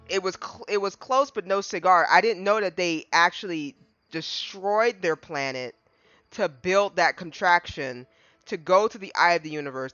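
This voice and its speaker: A gaming streamer casually recapping a game, excitable, with dramatic restarts and big jumps in pitch. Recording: slightly dull lo-fi mic with faint music.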